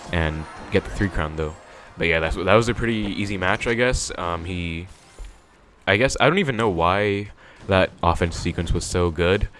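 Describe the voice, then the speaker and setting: Deep-voiced man commentating his gameplay. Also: a little hiss or hum. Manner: relaxed, thinking aloud with many fillers. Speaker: gaming video creator.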